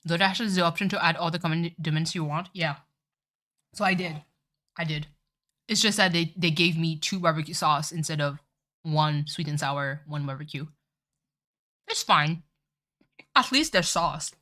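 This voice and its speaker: A woman's voice: low voice, moderate pace, pauses often, sharp tone. A woman streamer chatting casually while playing a game, talkative, swearing and saying "like" a lot. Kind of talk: casual live-stream chat.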